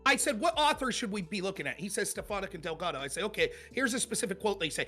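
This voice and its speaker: Male guest, high bright voice, animated storyteller, faint music behind. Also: quick pace, few pauses, slightly rough. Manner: animated, mimics opponents in quoted voices. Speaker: podcast guest, streamer. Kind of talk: casual debate storytelling.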